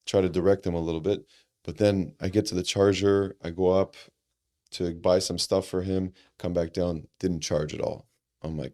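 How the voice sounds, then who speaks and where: A man telling a personal story on a podcast, animated and earnest, often restarting his sentences. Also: sits low, moderate pace. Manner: animated, acts out quoted dialogue, frequent restarts; earnest and reflective. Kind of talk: conversational storytelling.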